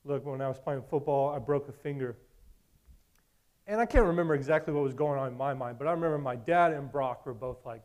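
A man in his late twenties preaching a sermon, telling stories in an animated way and acting out his own past thoughts. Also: fairly high pitch, fast talker. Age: 20s.

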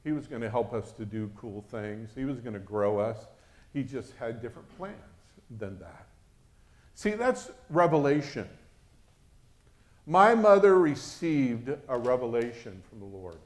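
A man's voice: mid-range voice, animated, unhurried, darkish tone. A man preaching a sermon, telling a personal story and acting out the voices of the people in it. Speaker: pastor.

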